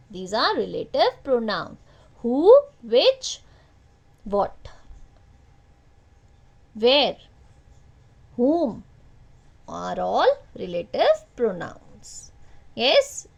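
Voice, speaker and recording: A woman teaches grammar to children in an online lesson. She speaks slowly in a high voice. She repeats each point and turns it back to the class as a question. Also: very animated, gravelly. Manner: slow, repetitive teacher talk with questions to the class.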